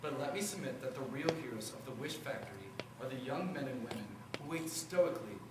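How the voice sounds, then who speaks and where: A man's voice: mid-range voice, lively intonation, fairly quick, natural voice. A teenage boy playing a witty, charming teenage boy with cancer, in a student stage performance with a playful, teasing, wry delivery. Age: teens. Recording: echoey room from far off, noisy.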